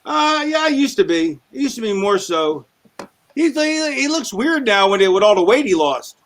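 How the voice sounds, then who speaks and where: A man with a notably high speaking voice and a bright, sharp edge to it. He talks casually as a podcast guest. He rambles and restarts his sentences. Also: very animated, normal speed. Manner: rambling, trips over his words. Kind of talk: casual chat.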